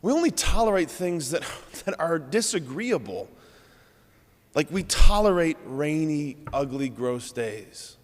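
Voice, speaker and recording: A man's voice: on the high side, very animated, unhurried, big-room sound. A man, a Catholic priest, giving an earnest, conversational homily in a church.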